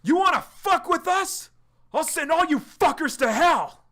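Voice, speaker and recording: A hot-tempered young male fighter, as a man reading a comic puts him on, cursing in anger. The voice is bright and lively and climbs into shouting. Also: high voice, moderate pace. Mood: raging. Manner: angry, swearing, shouting.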